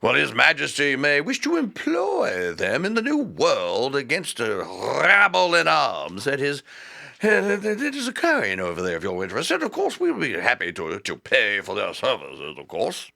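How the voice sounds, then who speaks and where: A man's voice: medium pitch, wildly swooping pitch, moderate pace, vocal fry, pushed and bright, full character voice. A man voicing a pompous old English king writing chummy letters to hire mercenaries, in a smarmy, overly polite way.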